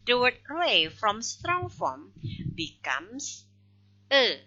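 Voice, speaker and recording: A woman lecturing on phonology at an unhurried pace, her voice very bright and lively in pitch. She talks things through step by step and keeps asking "okay?" to check that listeners follow. The sound is dull and lo-fi. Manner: slow explanatory, frequent "okay" check-ins. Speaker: phonology teacher. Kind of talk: recorded lecture. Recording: dull lo-fi recording.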